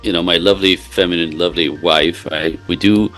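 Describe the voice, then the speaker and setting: Male relationship coach, lowish voice, emphatic storyteller, faint music bed. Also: fairly even intonation, fairly quick, fairly bright tone. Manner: emphatic, keeps checking in with "right?". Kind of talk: interview guest explaining with examples.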